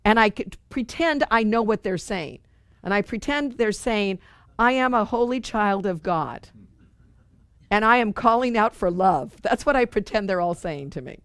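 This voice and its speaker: A woman's voice: medium pitch, expressive, moderate pace, clean tone, no room sound. Earnest woman teaching a spiritual class. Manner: earnest, conversational, repeats phrases for emphasis. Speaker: spiritual study group teacher.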